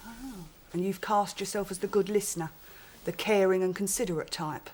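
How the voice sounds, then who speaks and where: A woman's voice: mid-range voice, normal speed, husky, close to an everyday voice. An actress playing a sarcastic, bawdy woman. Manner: wisecracking, sarcastic. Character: sardonic, bawdy London woman, the boy's auntie.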